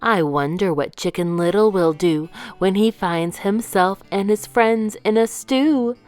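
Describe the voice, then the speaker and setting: A woman voicing a boastful male fox from a children's storybook, who yelps in a high voice when he panics. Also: a little slow, a little mellow, soft background music, lightly acted. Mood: smug.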